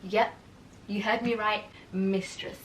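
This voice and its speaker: A young woman in a casual reading vlog at home, chatting with animated, exasperated energy and laughing between thoughts. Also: mid-range voice, slow. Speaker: book vlogger. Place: home room in the evening. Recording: voice a bit far from mic with music.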